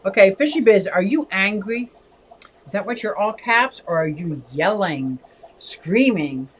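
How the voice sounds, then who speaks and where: Reading out comments from her viewers, a Pennsylvania woman past sixty chats through a casual livestream, shifting often between lively and soft tones. She has a husky, mid-range voice and a moderate pace, captured on a low-quality recording.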